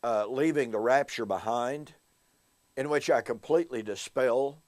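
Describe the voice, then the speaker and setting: A man giving a recorded Bible teaching talk, telling stories earnestly and addressing his listeners as folks, slowing down to stress key words. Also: mid-range voice, a little mellow, dry recording. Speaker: Bible teacher and show host.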